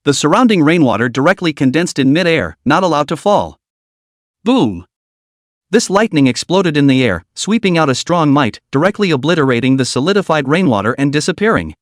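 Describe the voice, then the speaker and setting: A man reading a story recap as scripted narration, in a steady, even reading pace. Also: a little high, brisk, no echo, clean studio sound.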